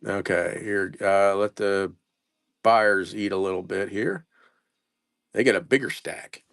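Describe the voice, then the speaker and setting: A man's voice: deep voice, unhurried, creaky, fairly bright tone, no room sound, studio quality. A man running a casual live sales stream, reading out place names and stumbling over how to say them, self-mocking. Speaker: live-stream postcard seller.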